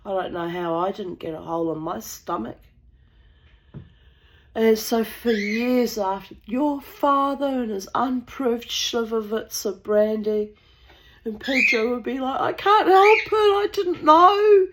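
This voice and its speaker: A woman's voice: mid-range voice, measured pace, poor audio. A woman from New Zealand telling a casual, rambling anecdote, blunt and sweary, with the odd cough.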